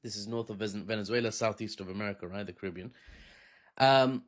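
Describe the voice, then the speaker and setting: A young man hosting a casual storytime commentary, joking, laughing at his own asides and slipping into silly put-on accents. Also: mid-range voice. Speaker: host.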